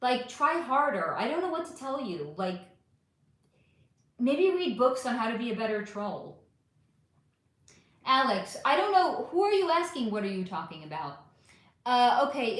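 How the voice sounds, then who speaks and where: Middle-aged woman, livestream host, lively pitch swings, blunt and sarcastic, roomy echo. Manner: animated, blunt, sarcastic with commenters. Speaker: livestream host reading chat. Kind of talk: casual livestream chat. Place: home room.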